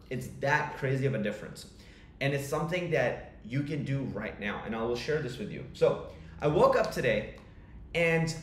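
A man's voice: mid-range voice, a little hiss or hum. A young man, a tech company co-founder, telling a story in a candid vlog, blunt and frustrated, swearing often. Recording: roomy with faint ambience.

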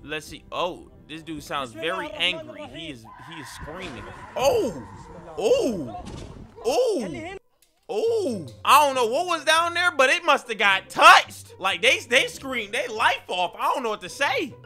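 Young male reaction host, slangy and jumpy, very lively voice that swings up and down. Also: extremely high pitch, moderate pace, hardly any pauses, over music. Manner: excitable, slangy, yelps and shouts at scares. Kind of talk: reacting to scary videos.

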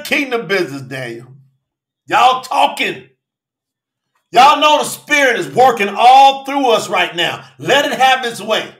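A high, lively male voice preaches with fire, calling listeners by name and shouting his points in African American speech. The sound is bright and carries a roomy echo. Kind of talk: fiery sermon on a live stream.

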